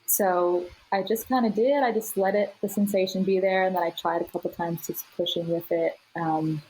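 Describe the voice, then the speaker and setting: Podcast guest, woman, lower register with a husky edge, casual storyteller. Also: steady tone, a little mellow, poor audio. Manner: chatty, quick to laugh, many fillers. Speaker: podcast guest sharing her birth story.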